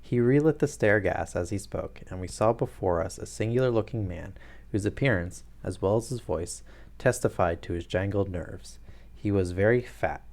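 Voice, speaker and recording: A man reading a detective story aloud on a live stream, steady and plain, with the odd joking aside. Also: low voice, creaky.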